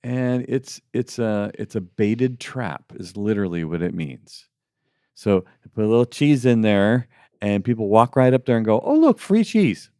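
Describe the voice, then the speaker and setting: A man's voice: fairly low pitch, normal speed, warm tone, smooth, dry recording, studio quality. A middle-aged man co-hosting a faith podcast, talking casually and putting on mocking voices when he quotes people. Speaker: podcast co-host.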